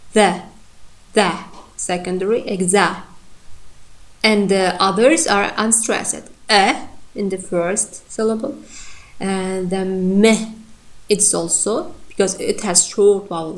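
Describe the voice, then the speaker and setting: Slow, careful woman teaching pronunciation. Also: medium pitch, rough recording. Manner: careful, repeats each example word slowly and deliberately. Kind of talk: recorded pronunciation lesson.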